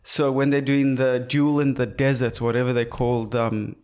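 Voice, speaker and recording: A man's voice: medium pitch, normal speed, clear, resonant tone. A young man co-hosting a casual podcast, joking and swearing freely. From South Africa. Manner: joking, profane, animated. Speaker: podcast co-host. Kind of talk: casual chat.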